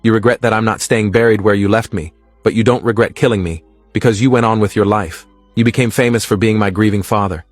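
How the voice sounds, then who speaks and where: A man voicing the ghost of a drowned girl, speaking low, quiet and reproachfully in a read horror story. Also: fairly even intonation, fast talker, no echo, faint music behind, lightly acted. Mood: accusing.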